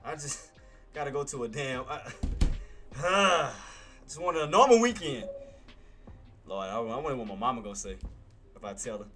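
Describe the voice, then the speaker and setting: Very animated and fairly bright, this man's mid-range voice moves at a normal speed with frequent pauses over faint background music. He's running a live day-trading stream, chatting about the market in a laid-back, slangy style and calling listeners "boss" and "man."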